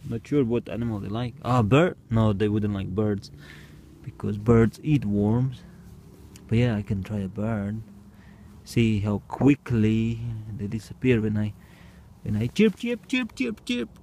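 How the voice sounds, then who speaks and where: A man with a soft, mellow tone thinks aloud slowly, filling the gaps with ums and restarts. Now and then he breaks into mooing, barking or meowing. He is outdoors at night, chatting casually to the camera. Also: on the low side, steady tone, slight background noise. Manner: hesitant, wondering, with bursts of mooing, barking and meowing. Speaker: vlogger. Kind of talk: casual experiment commentary.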